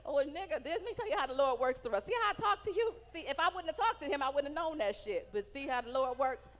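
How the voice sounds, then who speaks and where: A woman's voice: high voice, expressive, quick pace. A woman doing a stand-up comedy set on stage, brash and profane, teasing people in the audience. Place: comedy stage in a large hall. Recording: live venue with long hall reverb.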